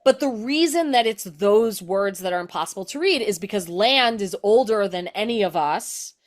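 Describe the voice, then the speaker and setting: Brief: middle-aged woman, comic storyteller, lively and chatty, mid-pitched. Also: normal speed. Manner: animated, explanatory, filler-heavy with "like". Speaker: guest comedian. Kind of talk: conversational storytelling.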